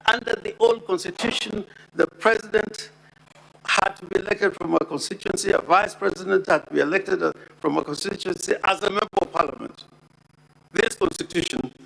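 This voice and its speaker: A man making a formal legal argument before the Senate as counsel, deliberate and emphatic, repeating key words for weight. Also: high voice, vocal fry, fairly bright tone, poor audio. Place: Senate chamber.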